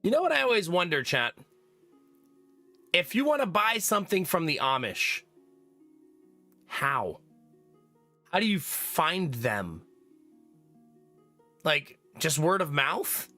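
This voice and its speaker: Bright, lively male game streamer. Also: on the high side, slow pace, long pauses, faint music behind. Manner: chatty, laughs often, talks to chat. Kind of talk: casual live-stream chat.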